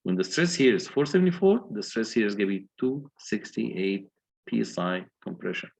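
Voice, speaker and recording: Gravelly-voiced lecturer walking through calculations. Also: male voice, lowish voice, expressive, normal speed, a little mellow, low-quality recording. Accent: Egyptian. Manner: explains step by step, asks checking questions. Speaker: engineering lecturer. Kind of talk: university lecture.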